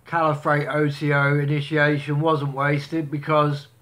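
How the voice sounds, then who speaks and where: A man rambling through a casual monologue, halting and full of fillers, talking while eating. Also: on the high side, completely flat delivery, a bit bright.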